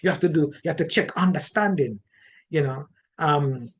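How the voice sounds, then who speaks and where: High-voiced Jamaican man teaching. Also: normal speed. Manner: animated, repeats words and restarts often. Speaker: relationship teacher. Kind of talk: teaching talk on marriage.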